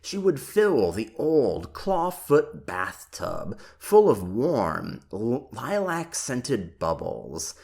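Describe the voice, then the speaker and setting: Audiobook reader, slow and deliberate, very lively, expressive pitch, unhurried narration. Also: vocal fry.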